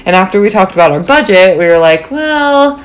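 A young woman in her twenties, casually telling a story to her viewers in a bubbly, animated way, full of fillers like "like" and "um". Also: lowish voice, fast. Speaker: vlogger.

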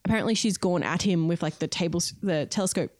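Woman podcast host, slightly low voice, dry close sound, casual storyteller. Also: quick pace, darkish tone, dry recording. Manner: chatty, many fillers, recounting events. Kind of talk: casual true-crime storytelling.

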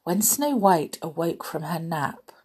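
Female storyteller host, gentle and friendly, slow, breathy. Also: lowish voice, very animated. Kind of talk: storybook reading to listeners.

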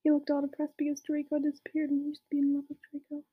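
A woman's voice: sits high, monotone, racing, narrow, tinny audio. A young woman reading a fan story aloud in a whispery voice, with amused asides. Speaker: reader.

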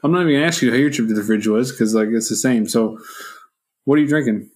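A man's voice: mid-range voice, fast, darkish tone. A man co-hosting a laid-back movie podcast with a voice in an ordinary middle register. He talks in loose, casual chat and slips into profane, mock-exasperated rants. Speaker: podcast co-host.

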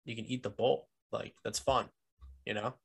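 A man co-hosting a casual food podcast, talking in a laid-back, joking way that often trails off quietly. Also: on the low side, steady tone, normal speed, gravelly, husky. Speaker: podcast co-host.

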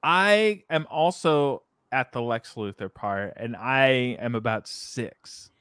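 A man's voice: mid-range voice, slow pace, a bit bright, clean tone, no echo. Rambling podcast man, dry close sound. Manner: rambling, many fillers and restarts. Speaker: podcast co-host. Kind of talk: casual video game discussion.

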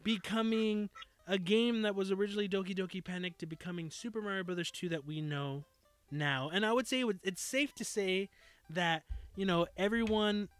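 Podcast host, male, high voice, dry close sound, easygoing and chatty. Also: clean tone, dry recording, soft background music. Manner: relaxed, drawn-out wrap-up talk with fillers. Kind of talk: casual podcast chat.

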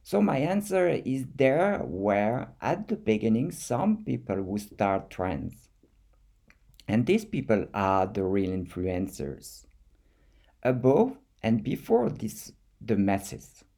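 A man with a French accent, an artist talking his thoughts through in a reflective monologue, halting and repeating words as he searches for them. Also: lowish voice, big pitch swings, gravelly, mellow. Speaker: artist vlogger.

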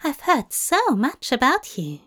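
A woman's voice: high-pitched, huge pitch swings, a little slow, fairly bright tone, pitched above the performer's own voice, exaggerated voice. A woman voicing a flamboyant, doting bar-owner woman who teases and calls everyone love, in a storybook reading. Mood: teasing. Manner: breezy, teasing, calls people love.

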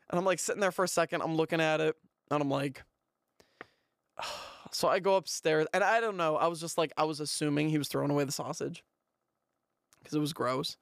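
A young man hosting a podcast, telling a rambling, animated story in a casual way. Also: fairly high pitch, no echo, studio quality. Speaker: podcast host.

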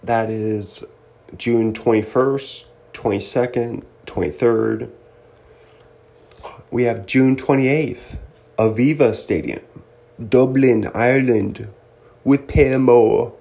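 A man's voice: mid-range voice, fairly even intonation, slow pace, gravelly, pauses often, warm tone. A young man hosting a casual solo commentary, joking and laughing often as he reads through a list. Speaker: host.

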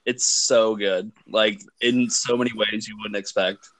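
A man's voice: lowish voice, steady tone, measured pace, a bit bright, no room sound. Enthusiastic, rambling, swearing man. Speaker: podcast co-host. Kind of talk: casual chat.

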